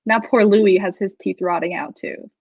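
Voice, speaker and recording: A young woman in her twenties, an author hosting a casual release-day chat, talking fast and loosely with many fillers. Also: medium pitch, fairly even intonation, gravelly, husky, dry recording, lo-fi sound.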